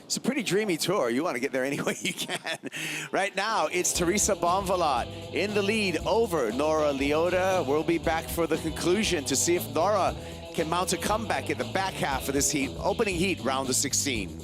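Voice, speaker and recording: A man's voice: fairly high pitch, lively intonation, moderate pace, over music. A man commentating live surfing in an easygoing way, laughing between calls. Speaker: surf commentator.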